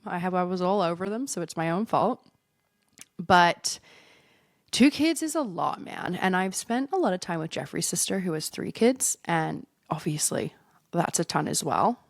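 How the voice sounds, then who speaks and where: A woman hosting a solo podcast with a head cold, her voice husky and congested, rambling and laughing at herself in casual chat. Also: lowish voice, expressive, moderate pace, no room sound, studio quality. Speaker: podcast host.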